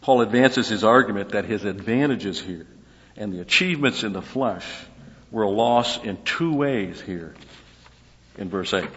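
A man with a lowish voice teaches scripture verse by verse in an easy, talkative way, often posing a question and answering it himself. The sound is dull and lo-fi. His voice rings through a large hall with a long echo. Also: fairly bright tone. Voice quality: conversational, asks and answers own questions. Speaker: Bible teacher.

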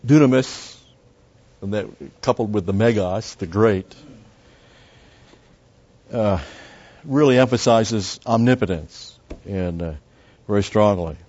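Speaking slowly with long pauses, a man with a fairly low, slightly mellow voice goes through a Bible passage one verse at a time. He keeps it conversational, unpacking every word and tossing in asides, on a dull lo-fi recording.

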